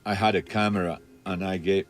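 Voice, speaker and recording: A man recounting events in a documentary interview, swearing often and telling the story with lively animation. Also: deep voice, a little fast. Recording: faint music under voice.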